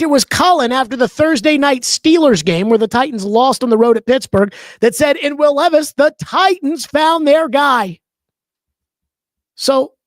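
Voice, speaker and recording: A man's voice: very high voice, dry recording. A man hosting a sports talk show, giving opinionated commentary in an emphatic, conversational way and stretching out key words.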